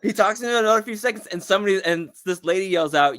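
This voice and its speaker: A male comedian appears as a guest and tells a long, animated story in casual conversation, performing the voices of the people he quotes. He has a high voice and talks fast.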